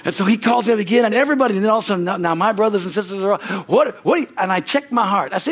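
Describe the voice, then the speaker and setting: A man preaching a sermon as pastor, telling rambling, animated stories full of restarts. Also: high voice, racing, few pauses. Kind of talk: sermon storytelling. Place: church sanctuary.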